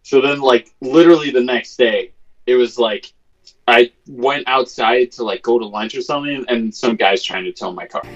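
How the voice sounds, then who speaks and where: A man's voice: medium pitch, normal speed. A man chatting on a podcast, telling a story animatedly and with swearing. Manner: animated, profane, re-enacts quotes. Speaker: podcast co-host. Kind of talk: casual chat, storytelling. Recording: slightly dull lo-fi sound.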